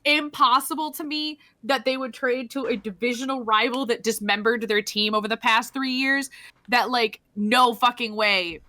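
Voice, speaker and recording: Casting: young woman podcast co-host, bright tone, animated, swears freely, casual chat. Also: on the high side, moderate pace. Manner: animated, swears a lot, many restarts.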